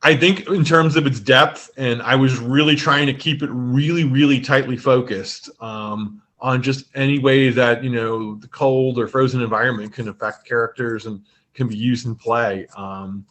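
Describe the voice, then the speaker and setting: A man's voice: mid-range voice, fairly even intonation, moderate pace, few pauses, fairly bright tone. A man chatting on a podcast as a guest game writer over a video call, enthusiastic and rambling with fillers. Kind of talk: casual podcast chat.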